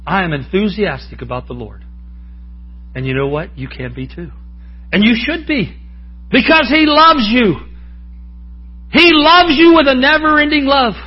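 A man's voice: extremely high pitch, expressive, a little slow, pauses often, husky, highs cut off. A man preaching a sermon in a folksy, joking way, often calling out to the congregation for an amen. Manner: folksy, joking, asks the crowd for amens.

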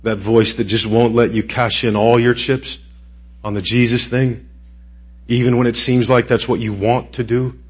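A male pastor delivering a sermon in a church sanctuary, his voice sitting in an ordinary middle register. He slips from soft, close pleading into loud, insistent preaching and back again. The delivery is earnest and conversational, with frequent rhetorical questions. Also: mid-range voice, flat delivery, normal speed, slightly rough. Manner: moves from hushed, intimate pleading to raised, emphatic preaching.

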